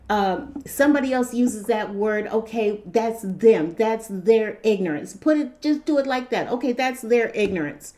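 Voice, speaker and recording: A woman giving a casual opinion monologue, animated, repeating herself and acting out quotes. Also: medium pitch. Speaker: vlogger.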